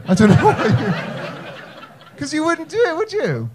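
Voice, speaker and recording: A man's voice: extremely high pitch, huge pitch swings, slow, heavy background noise. A young man from Wales with a North Welsh accent doing a stand-up set in a comedy club, bantering cheekily with the audience and mocking himself. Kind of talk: stand-up set with crowd work.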